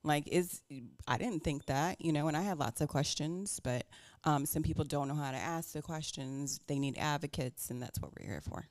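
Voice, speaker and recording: A woman's voice: low-pitched, normal speed, a little mellow, dry recording. A woman guest on a talk show, speaking in a matter-of-fact way and laughing easily. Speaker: guest, cancer survivor advocate.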